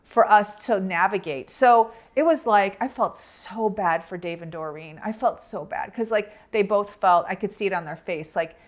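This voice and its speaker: A woman's voice: mid-range voice, moderate pace, few pauses. Woman, podcast co-host, chatty storyteller, mid-range voice. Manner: animated, retells with quoted dialogue. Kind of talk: casual storytelling chat.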